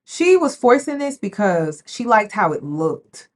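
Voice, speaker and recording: A woman's voice: medium pitch, sing-song, unhurried. A woman hosting a reaction video, giving casual, sassy commentary straight to her viewers. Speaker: commentary host.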